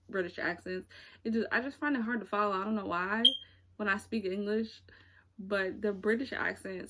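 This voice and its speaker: A young woman talks casually into her camera about movies, her thoughts rambling as she hunts for the right words. Her voice sits at an ordinary middle pitch, and she fills pauses with likes and ums. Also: fairly bright tone. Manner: rambling, searching for words, frequent fillers. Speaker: YouTuber reviewing movies. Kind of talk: casual chat.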